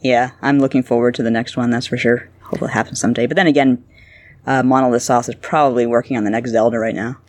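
Agreeable, easygoing woman co-host from Canada; relaxed chat, close and dry. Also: very deep voice, fast, no echo. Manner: agreeable, easygoing, laughs often. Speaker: podcast co-host. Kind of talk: casual podcast chat.

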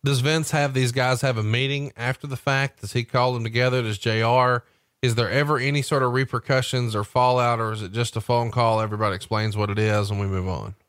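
A man hosting a podcast, recounting a story with animated energy and throwing questions to his co-host. The sound is dry and close. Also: mid-range voice, brisk, no room sound. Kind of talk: casual storytelling chat.

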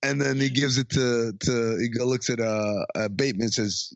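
A man's voice: mid-range voice, steady tone, normal speed, few pauses, dry recording, dull audio. A man in casual chat, recapping a movie with rambling retellings and chuckles.

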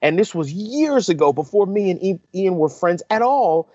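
A man co-hosting a golf podcast, telling a story in a casual, animated way and acting out the quotes. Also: high voice, normal speed, no echo, muffled recording. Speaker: podcast co-host, on-course reporter.

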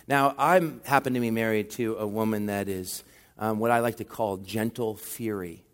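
A man giving a sermon as a guest pastor, talking conversationally with self-deprecating humor and rising louder on emphatic points. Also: fairly low pitch, normal speed.

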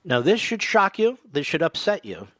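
A man with a high, bright, forceful voice hosts a political talk radio show. He speaks into a dry, close studio mic and stays indignant throughout. He keeps hammering his points home by repeating them. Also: very animated, moderate pace, no echo. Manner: emphatic, indignant, repeats phrases for stress.

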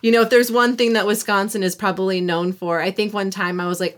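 A woman's voice: medium pitch, fairly even intonation, fast, few pauses. A woman hosting a podcast interview, chatty and playful, telling stories and laughing often. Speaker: podcast host. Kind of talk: casual interview chat.

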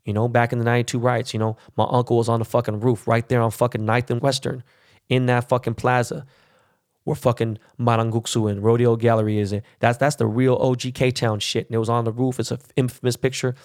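A man's voice: mid-range voice, level tone, a little fast, darkish tone, dry recording, studio quality. A middle-aged man hosting a podcast, talking in a blunt, profane, rambling monologue full of street slang. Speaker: podcast host.

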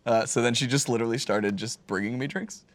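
Animated, swearing man telling stories. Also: mid-range voice, brisk, no room sound. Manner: animated storyteller, swears freely, many fillers. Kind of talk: casual chat.

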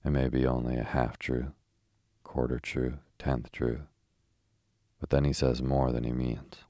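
Young poet, argumentative and ironic, read by a man; very deep, dry sound. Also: flat delivery, unhurried, no room sound. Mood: gentle. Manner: irritable, grim, then gently ironic.

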